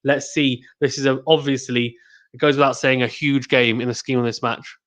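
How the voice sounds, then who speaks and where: A man hosting a live tennis watchalong stream, giving excitable play-by-play commentary and reading out viewer chat. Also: mid-range voice, moderate pace. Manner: excitable, rising to exclamations on big points; reads out chat messages to viewers.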